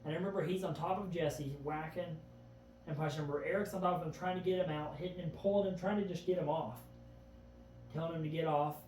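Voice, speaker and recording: Speaking as a podcast guest in a relaxed chat, this man has a slightly high, darkish voice with fairly level intonation and a fast delivery. He earnestly recounts events in vivid detail, frequently opening with "I remember." The audio is echoey, with him far from the mic and a faint hum underneath.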